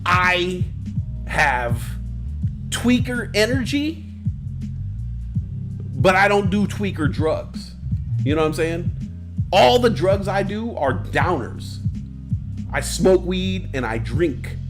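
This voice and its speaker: A man's voice: high voice, animated, takes it slowly, long pauses, music in the background. A man hosting a livestream, chatting casually in a rambling, crude way with silly asides. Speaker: livestream host. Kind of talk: casual stream chat.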